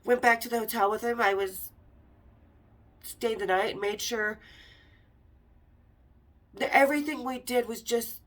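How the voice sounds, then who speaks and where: Her voice is on the high side and a bit bright, steady in tone, with a measured pace and frequent pauses. She's a middle-aged podcast host from Las Vegas recounting a personal story candidly, cursing and acting out quoted speech.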